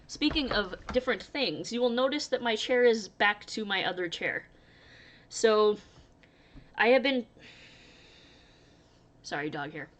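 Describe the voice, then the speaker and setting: A woman's voice: mid-range voice, fairly bright tone, slight background noise. Casting: young adult woman, chatty vlogger, easygoing storyteller, laughs often. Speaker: crochet vlogger. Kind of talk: casual chat to camera.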